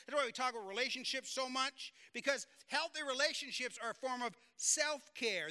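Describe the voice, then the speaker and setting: A man's voice: extremely high pitch, pushed and bright, clean tone. A male pastor giving an earnest, conversational sermon, repeating phrases for emphasis.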